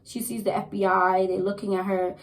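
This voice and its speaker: A young woman casually recapping a TV episode, chatty and animated, repeating herself as she goes. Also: mid-range voice, fairly quick, poor audio. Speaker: TV show reviewer.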